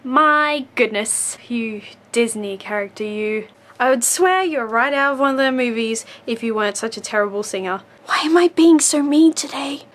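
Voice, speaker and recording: A woman's voice: high voice, expressive, brisk, hardly any pauses. A woman vlogger talking to camera in a casual comedic monologue, wry and playfully sarcastic.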